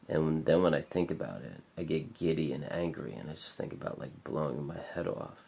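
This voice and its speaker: A man's voice: extremely low pitch, fairly quick, gravelly, a little mellow, slightly rough. A man talking in a bleak, rambling confessional vlog monologue, swearing often and leaning on filler words. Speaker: vlogger.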